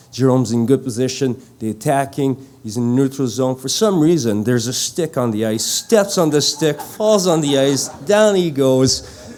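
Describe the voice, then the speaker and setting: A middle-aged man with a medium-pitched, slightly mellow voice gives a tribute speech in front of a live audience. He was once a teammate, and he tells his story haltingly, restarting often and leaning on fillers.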